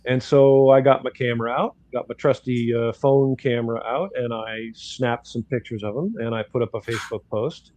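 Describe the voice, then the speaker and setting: A man's voice: medium pitch, fairly even intonation, moderate pace, hardly any pauses, darkish tone, no room sound. An older man, a grandfather, bluntly telling a story in casual talk and acting out the dialogue. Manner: blunt, outspoken, acts out dialogue in quotes. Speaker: guest commentator.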